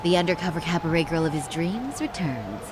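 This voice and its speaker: A woman's voice: on the low side, big pitch swings, fairly quick, heavy background noise. An actress playing a composed young woman going undercover as a bar hostess in a video game, polite and dry.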